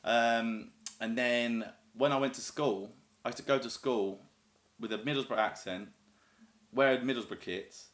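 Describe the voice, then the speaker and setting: A YouTuber in his thirties chats casually to camera in an echoey, roomy space, his mid-range voice fairly bright and his pace measured. He's from North East England but was raised in the south and has a southern English accent. His manner is enthusiastic, rambling and chatty, packed with fillers.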